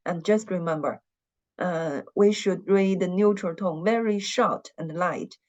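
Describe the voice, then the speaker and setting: A woman teaching an online language class, speaking slowly and patiently and having students repeat after her. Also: lowish voice, darkish tone, dull audio. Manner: slow, patient, repeats words for students to echo.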